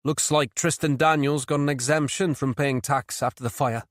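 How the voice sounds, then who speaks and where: A man's voice: on the high side, steady tone, normal speed, no room sound, clean studio sound, lightly acted. A man reading an audiobook, voicing a cheeky, eager young male detective constable.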